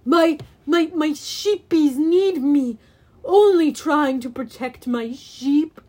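A woman voicing a huge, brutish male Cyclops who drags out slow growling threats and sobbing pleas. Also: sits high, darkish tone. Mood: pitiful sobbing.

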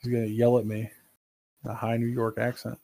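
A man's voice: medium pitch, completely flat delivery, brisk, gravelly, mellow, no room sound, clean studio sound. A man hosting a casual gaming podcast, rambling and joking and swearing freely. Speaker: podcast host.

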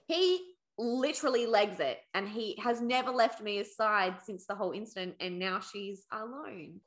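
A woman co-hosting a book podcast, recapping chapters in an animated, sweary, laughing way. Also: mid-range voice. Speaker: podcast co-host. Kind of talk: casual book chat.

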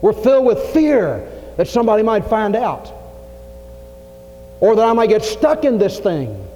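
A man preaching a folksy sermon, his voice swinging from loud to hushed. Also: high voice, very animated, a little slow. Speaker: pastor. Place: church sanctuary. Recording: lo-fi 1980s church tape with long reverb and faint hiss.

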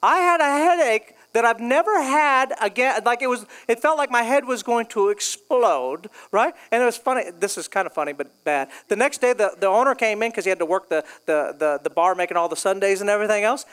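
A man's voice: high-pitched, brisk, hardly any pauses, clean tone. A male pastor preaching a sermon, telling funny stories from his past and joking with the congregation. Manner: storytelling, joking, animated.

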